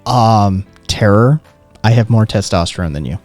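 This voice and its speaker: A brash man hosts a livestream and talks back to his viewers in a loose, teasing way. He swears freely and needles the people he answers. Faint music plays low behind him. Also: expressive, moderate pace, a little mellow. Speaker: livestream host.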